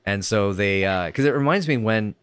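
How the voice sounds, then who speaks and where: A man's voice: lowish voice, lively intonation, moderate pace, a bit bright, clear, resonant tone, no room sound. A man co-hosting a podcast, chatting casually and enthusiastically, thinking aloud and rephrasing as he goes. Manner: thoughtful, enthusiastic, circles back on phrasing. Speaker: podcast co-host. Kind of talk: casual chat reviewing a sitcom episode.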